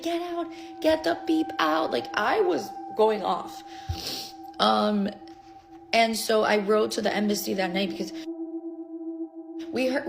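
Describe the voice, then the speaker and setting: A woman telling viewers a travel story to camera in an animated, chatty way, with lots of fillers and restarts. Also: medium pitch, vocal fry.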